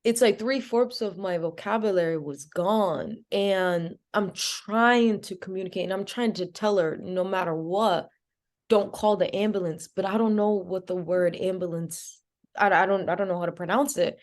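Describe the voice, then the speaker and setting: A podcast guest from Providence, Rhode Island, this young woman speaks at a moderate pace in a mid-range voice. She tells her story animatedly in the interview, voicing the dialogue and using "like" constantly.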